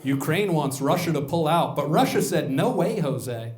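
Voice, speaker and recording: A man's voice: a little high, expressive, moderate pace, a little mellow, natural voice. A man voicing a chirpy male entertainment news anchor, in a bubbly, gossipy way. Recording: roomy club with audience laughter.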